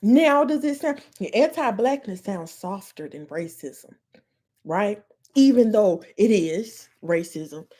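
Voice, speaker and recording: A woman's voice: medium pitch, expressive, takes it slowly, dark tone. A woman podcast host on a live stream, ranting in a heated, profane way.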